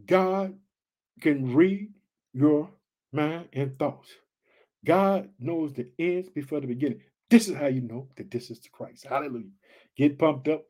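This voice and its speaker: A man preaching an energetic Bible study sermon, reading scripture aloud and commenting, fired up and calling his listeners family. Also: a little high.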